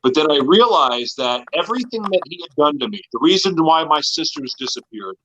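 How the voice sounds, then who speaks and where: A man's voice: fairly high pitch, animated, a little fast, a bit bright, a little hiss or hum, poor audio. A man in an interview, telling his personal story in an earnest, confessional way. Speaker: guest.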